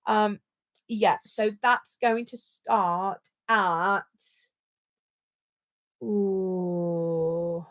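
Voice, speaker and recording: A woman's voice: mid-range voice, steady tone, drawn-out words, long pauses. Chatty British woman hosting a livestream. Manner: chatty, rambling, jokey. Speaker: livestream co-host. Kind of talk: casual livestream chat.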